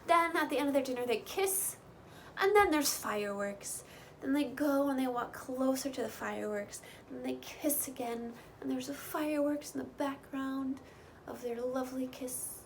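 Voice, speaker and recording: A woman casually recapping a reality show, chatty, with lots of "like" and "you know" and lively quoted bits. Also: high voice, normal speed, a little hiss or hum, poor audio. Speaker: recap host.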